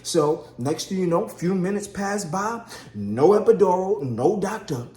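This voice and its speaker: A man spins a lively story about his wife's labor, calling out to viewers as he goes. His voice sits a little high. The room around him is echoey. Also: a little slow. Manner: animated, chatty, addresses viewers as y'all, acts out quotes. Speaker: husband telling a birth story. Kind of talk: casual storytelling vlog.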